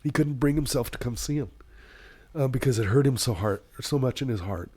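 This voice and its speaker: A man's voice: medium pitch, fairly quick, darkish tone, breathy edge. Middle-aged man telling a heartfelt story. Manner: emotional storytelling, many fillers. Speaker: paramedic guest. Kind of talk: casual podcast conversation.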